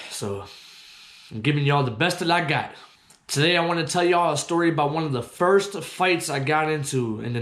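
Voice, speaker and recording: A young man hosting his own show, telling a story from his childhood in casual, profane, animated talk that gets loud when he quotes himself. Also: fairly high pitch, reverberant. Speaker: host.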